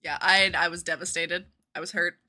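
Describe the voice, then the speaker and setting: A woman's voice: on the low side, steady tone, brisk, sharp tone. A woman in her twenties, a livestreamer chatting casually and rambling while she plays a game, with the odd casual swear.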